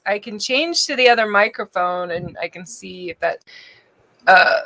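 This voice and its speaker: A woman's voice: mid-range voice, expressive, moderate pace, bright, forceful tone. A young woman from Louisiana co-hosting a live-stream interview, chatty and rambling in a bubbly way. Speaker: co-host. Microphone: home microphone on a live stream.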